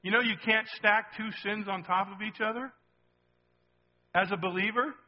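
A man preaching a sermon in a lively, conversational way, asking the congregation questions as he goes. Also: high-pitched, moderate pace, lo-fi sound. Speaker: pastor.

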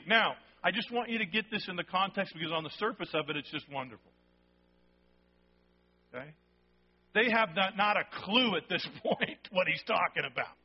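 High-voiced pastor preaching emphatically. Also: male voice, lively intonation, normal speed, breathy edge. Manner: conversational, emphatic, keeps asking "okay?". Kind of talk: sermon. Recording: dull lo-fi sound.

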